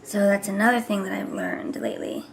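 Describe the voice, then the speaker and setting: Mujer charlatana con voz algo rasposa. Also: female voice, medium pitch, fairly even intonation, brisk, over music. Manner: chatty, rambling, drops into whispers. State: voice recovering from hoarseness. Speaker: vlogger and mother. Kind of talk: casual chat to camera.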